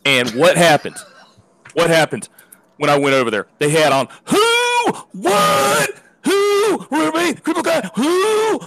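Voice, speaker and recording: A man on a casual online radio chat, telling profane, animated stories. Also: mid-range voice, dry recording.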